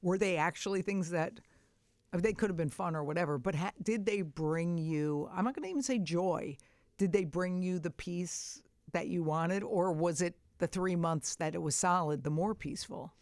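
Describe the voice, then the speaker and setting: A woman's voice: lowish voice, normal speed, darkish tone, dry recording. A woman in her sixties hosting a podcast, talking bluntly and candidly with some swearing. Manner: blunt and profane, acts out inner voices. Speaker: podcast host.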